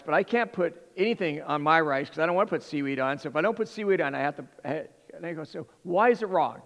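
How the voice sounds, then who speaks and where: In a large hall, a fairly high-pitched middle-aged man from Southern California tells an audience a comical personal anecdote. His delivery is lively and meandering, full of self-interruptions and fresh starts.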